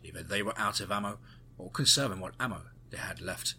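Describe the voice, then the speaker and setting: A man narrating a first-person adventure story in a steady storytelling manner. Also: low-pitched, brisk, a little hiss or hum.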